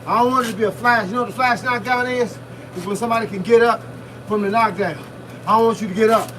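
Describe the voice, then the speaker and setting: A man, a boxing fitness coach, live-streaming a workout outdoors in freezing wind, giving loud, punchy motivational talk while punching a heavy bag. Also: high-pitched, steady tone, quick pace. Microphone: phone camera set at a distance. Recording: distant phone mic with wind noise.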